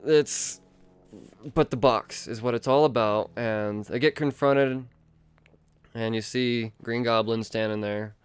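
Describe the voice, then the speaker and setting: Profane, excitable man on a podcast. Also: medium pitch, slow pace, clean tone, dry recording. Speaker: podcast host. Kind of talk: casual comic book review.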